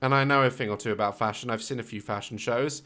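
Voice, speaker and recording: A man's voice: mid-range voice, steady tone, quick pace, pushed and bright. A man hosting a reaction video, talking casually from his home office and firing off sarcastic, joking asides.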